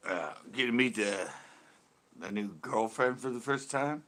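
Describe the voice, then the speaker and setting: A man's voice: medium pitch, animated, unhurried, a bit bright. A man hosting a fishing channel, chatting casually on a live stream, rambling and joking and slipping into put-on accents.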